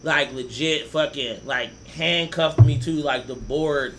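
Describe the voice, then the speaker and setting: A man's voice: a little high, a little slow, music in the background. A young man co-hosting a casual comedy podcast, telling stories with lots of profanity and acting out the voices of people he quotes. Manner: animated storyteller, profane, acts out quoted voices. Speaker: podcast co-host.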